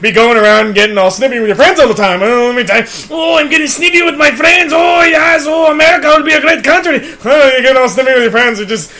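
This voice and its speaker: A man's voice: extremely high pitch, quick pace, few pauses, sharp tone, voice pushed up, heavily acted. A man doing an impression of a hyperactive famous comedian who jumps from bit to bit and into silly voices. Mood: manic. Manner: frantic, jumping between silly voices and bits. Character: manic famous male comedian, hyper and rambling.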